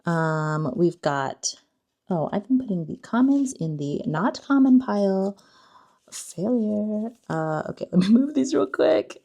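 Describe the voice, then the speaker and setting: A woman's voice: medium pitch, lively intonation, slow, mellow. A young woman hosting a casual card-opening vlog, chatty and self-deprecating, often unsure of words. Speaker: card-opening channel host.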